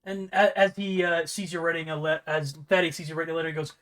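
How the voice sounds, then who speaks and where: Easygoing male game master, slightly high voice. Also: quick pace, hardly any pauses. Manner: relaxed, rambling with fillers. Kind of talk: narrating a tabletop game.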